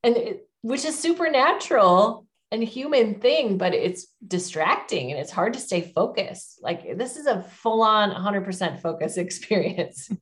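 A woman's voice: medium pitch, expressive, unhurried, hardly any pauses, fairly bright tone. A middle-aged woman giving public speaking advice as an interview guest, in an encouraging, emphatic coaching tone.

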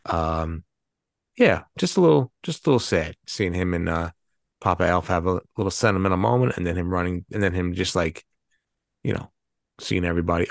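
Very deep, gravelly man on a podcast. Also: no echo, clean studio sound. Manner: rambling, swears casually. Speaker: podcast co-host. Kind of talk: casual movie-review chat.

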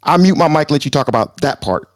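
A man co-hosting a live talk show, arguing loudly and combatively, then calming himself down on purpose. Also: on the high side, quick pace, no room sound. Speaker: show co-host.

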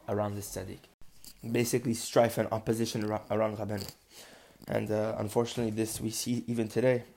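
A man's voice: mid-range voice, creaky, a little mellow. A man teaching a podcast Torah lesson, earnest and building to emphatic insistence.

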